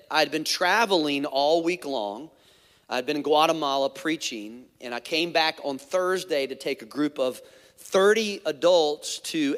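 A man's voice: a little high, a bit bright, big-room sound. A man, a pastor, telling a personal story in a sermon, candid and conversational with many asides.

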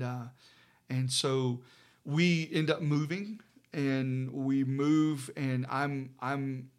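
A middle-aged man, a pastor, telling a personal story in casual conversation, halting with many fillers and restarts. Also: medium pitch, creaky.

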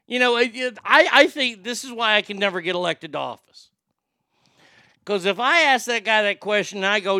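High, gravelly, profane ranting man. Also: animated, moderate pace, bright, forceful tone, dry recording, studio quality. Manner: profane, blunt, acts out quoted exchanges. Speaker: podcast host. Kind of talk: ranting commentary.

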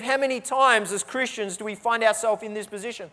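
A man's voice: high-pitched, brisk, few pauses, bright, forceful tone, big-room sound. A man preaching a sermon to his church, repeating key phrases for emphasis. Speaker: pastor.

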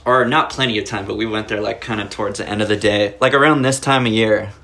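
A man's voice: on the low side, fairly even intonation, quick pace, fairly bright tone. A young man telling a long story in casual chat, rambling with lots of filler words and cursing. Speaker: podcast guest.

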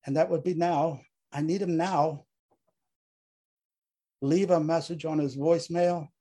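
A man's voice: a little high, steady tone, measured pace, dark tone. A man voicing a haunted male veteran platoon leader who pleads, grieves and snaps in anger. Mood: exasperated. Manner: pleading, exasperated, grief-stricken.

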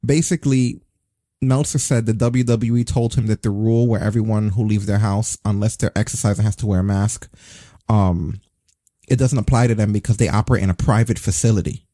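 A man hosting a casual wrestling news chat, sarcastic and animated, swearing as he rants. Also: on the low side, fairly quick, no room sound, studio quality. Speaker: podcast host.

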